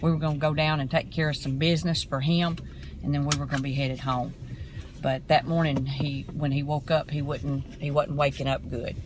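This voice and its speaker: A middle-aged woman, talking casually to camera from her car in an earnest, rambling, halting way. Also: low voice, level tone, background noise. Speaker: vlogger.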